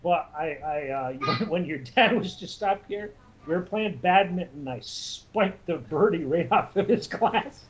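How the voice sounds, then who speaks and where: A man's voice: sits high, expressive, measured pace, few pauses. A man reminiscing casually about school days with old friends, telling stories with crude jokes and frequent laughter. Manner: laughing storyteller, crude joking. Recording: noisy background.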